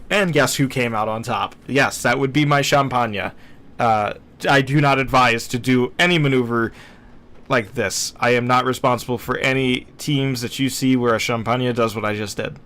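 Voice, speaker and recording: A man's voice: medium pitch, fairly bright tone, smooth. A young man casually commenting on a replay of his own naval battle game, chatty and self-deprecating, acting out what he was thinking at the time. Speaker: gameplay commentator.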